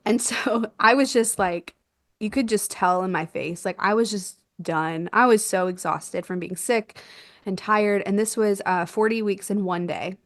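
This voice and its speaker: Young woman, podcast guest, animated storyteller, mid-pitched, close dry mic. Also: a little slow, no room sound. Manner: animated, laughs often, acts out quoted dialogue. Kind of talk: conversational birth storytelling.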